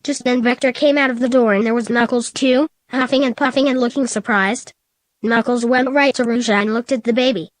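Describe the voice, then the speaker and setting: A woman's computer voice reads out a comic story, high-pitched and mechanically even. The sound is dry and close, with no room around it. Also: a little fast, no echo. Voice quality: synthetic, flat text-to-speech reading. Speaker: narrator. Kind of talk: synthesized storybook narration.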